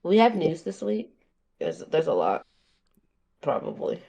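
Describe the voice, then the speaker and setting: A woman's voice: low voice, wildly swooping pitch, unhurried, vocal fry, dark tone, slightly rough. A woman co-hosting a podcast in casual chat, with a Baltimore accent, telling stories defensively, laughing often and filling her speech with "like". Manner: laughing, defensive storytelling with many fillers. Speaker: podcast co-host.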